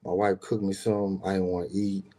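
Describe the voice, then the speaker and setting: A deep, mellow male voice moves at a quick pace with a level tone. The speaker, a middle-aged business owner, casually rambles through a personal story in slang, swearing freely and talking right to his viewers.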